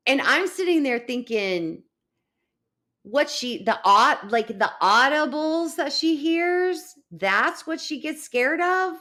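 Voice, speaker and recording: A woman's voice: on the high side, lively intonation, takes it slowly, a bit bright. A middle-aged woman hosting a live online show, chatting casually and laughing as she rambles through stories. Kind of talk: casual live-stream chat.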